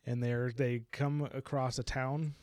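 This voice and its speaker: A young man co-hosting a casual book-discussion podcast, recapping chapters in a chatty, animated way with frequent laughs. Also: mid-range voice, a little slow, no echo, clean studio sound. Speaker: podcast co-host.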